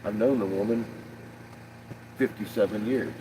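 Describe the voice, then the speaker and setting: A man in his fifties talks candidly on a livestream in a low-ish, steady voice at a measured pace. He rambles and swears, laughing often and restarting sentences, and the rough recording carries a faint hiss or hum.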